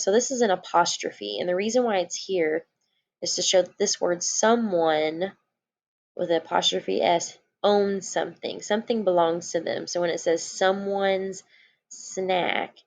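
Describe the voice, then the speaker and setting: A woman's voice: on the low side, darkish tone. A woman teacher giving a recorded lesson to young children, explaining patiently.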